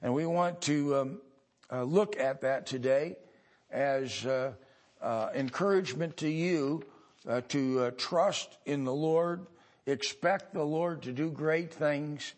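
A male pastor from the United States preaching a sermon, halting and pausing often with many fillers, building to louder emphatic stretches. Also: fairly high pitch.

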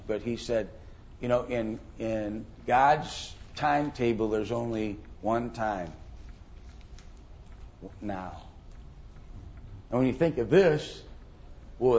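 Man, middle-aged, Bible class teacher, halting, rhetorical questions, muffled lo-fi recording. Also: mid-range voice, darkish tone. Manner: halting, thinking aloud with many ums and rhetorical questions.

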